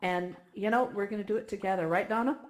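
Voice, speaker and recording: A woman's voice: medium pitch, fairly even intonation, fast talker. A woman giving a heartfelt, emotional talk to a virtual reality community, speaking effusively and close to tears at times.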